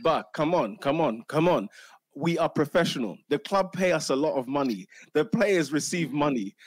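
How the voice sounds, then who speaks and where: A man doing an impression of an exasperated, middle-aged Italian football manager, speaking halting broken English with an Italian accent. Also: on the high side, animated, dry recording. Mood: ranting.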